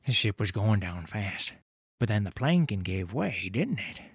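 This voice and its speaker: A grizzled old sailor, boastful and full of tall tales in an audio story. His voice swings widely in pitch, sinking into hushed whispers and climbing to roars, all in rough dockside dialect. The recording is dry and close, with no room sound. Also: sing-song, measured pace, no echo, heavily acted. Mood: spinning yarn. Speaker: tavern storyteller. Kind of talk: dramatic audio story narration.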